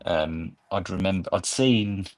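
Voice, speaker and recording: A man's voice: sits low, unhurried, darkish tone. A man in his thirties, a podcast guest chatting casually and telling long, rambling, nostalgic football stories. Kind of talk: casual chat.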